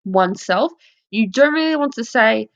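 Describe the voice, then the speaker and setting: A woman's voice: a little high, expressive, normal speed. A woman teaching a lesson over slides, explaining patiently and modelling example phrases. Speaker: French teacher. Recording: dull lo-fi audio.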